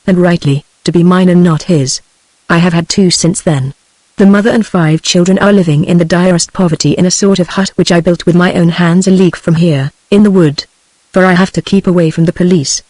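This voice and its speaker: A synthetic British woman reading the part of a desperate man, an outlaw poet both ardent and a little mad. The audiobook delivery stays flat and machine-made, and the audio is completely dry with no room sound. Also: on the low side, dry recording, close to an everyday voice. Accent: British English. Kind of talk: text-to-speech audiobook reading.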